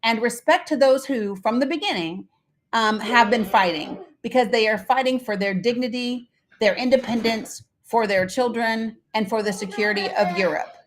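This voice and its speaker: On the high side and at a moderate pace, this woman's voice carries a casual live stream she hosts. She talks bluntly and chattily, uses lots of fillers, reads viewer comments out loud, and talks with her kids during the stream.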